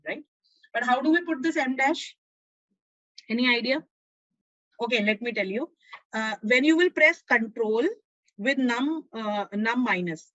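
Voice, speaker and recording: Woman teaching online, higher voice, dry muffled lo-fi audio, lots of uh and restarts. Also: a bit bright, dry recording. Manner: explains step by step, checks in with the class; frequent fillers and restarts. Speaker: online course instructor. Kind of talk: live online grammar lesson. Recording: dull lo-fi online class audio.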